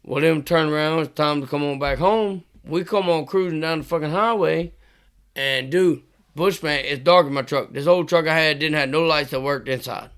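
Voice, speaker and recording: A man tells a rowdy, profane story on a casual podcast. His voice is bright, pitched a little high, and he laughs his way through it. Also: moderate pace, clear, resonant tone. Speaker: podcast co-host.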